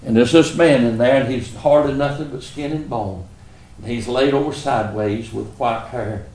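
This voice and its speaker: A man's voice: medium pitch, moderate pace, darkish tone, reverberant. A middle-aged man with a Southern US accent, preaching and telling stories in an earnest, folksy way. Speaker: pastor. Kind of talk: sermon storytelling.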